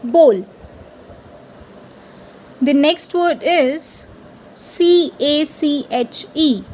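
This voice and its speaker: A woman's voice: high-pitched, slight background noise. A woman teaching English pronunciation to camera, spelling each word out letter by letter and checking in often with "right?". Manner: deliberate, spells words out letter by letter.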